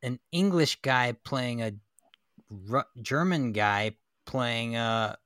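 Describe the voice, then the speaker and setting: A man's voice: medium pitch, expressive, slow pace, a bit bright, dry recording, clean studio sound. A man co-hosting a casual movie chat, arguing his points with examples. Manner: argumentative, builds points with examples.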